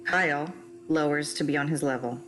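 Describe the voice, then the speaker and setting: A woman reads audio description, giving the stage directions in a plain, even manner. Her voice sits on the low side. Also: a little fast, noisy background. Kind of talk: scripted narration of stage directions.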